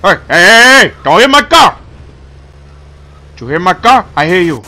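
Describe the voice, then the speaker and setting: Brash gangster boss, lively and bright-voiced, a man putting it on while commenting on his game, barking threats. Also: sits high, moderate pace, full character voice. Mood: yelling. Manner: brash, shouting threats at the screen. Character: cocky male Cuban gangster boss, hot-tempered. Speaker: gameplay commentator.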